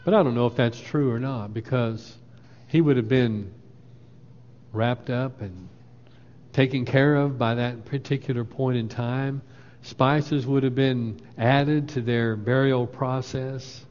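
A man's voice: mid-range voice, fairly even intonation, slow pace, darkish tone. A man preaching a sermon, emphatic, acting out the quoted lines with a rising voice. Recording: long hall reverb, dull lo-fi sound.

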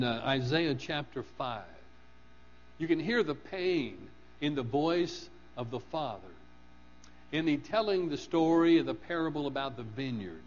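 A man preaching a sermon in an earnest manner, rising to fervent emphasis and dropping low on key phrases. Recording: dull lo-fi recording with mains hum.

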